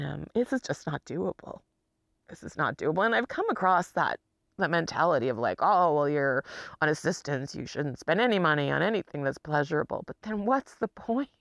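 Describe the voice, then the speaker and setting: A woman's voice: low voice, creaky, dry recording, studio quality. An exhausted woman speaking bluntly and emotionally about her own life, sometimes dropping to a near whisper. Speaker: chronically ill person speaking to camera. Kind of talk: candid personal monologue.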